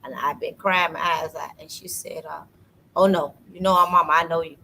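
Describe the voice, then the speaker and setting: A woman hosting a casual faith talk, telling a personal story with lively energy and acting out what people said to her. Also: low voice, moderate pace, creaky, long pauses, a little hiss or hum, rough recording. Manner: animated storytelling, acts out quoted voices. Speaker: podcast host. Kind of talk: casual faith testimony chat.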